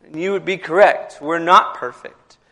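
Male pastor, sermon in a church, slightly high pitch, conversational with emphatic builds. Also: normal speed, bright, forceful tone. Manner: conversational, repeats words, builds to emphatic passages.

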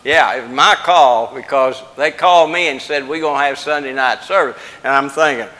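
A man's voice: medium pitch, normal speed, bright, forceful tone, big-room sound, low-quality recording. An older man preaching a folksy, plain-spoken sermon, joking with the congregation.

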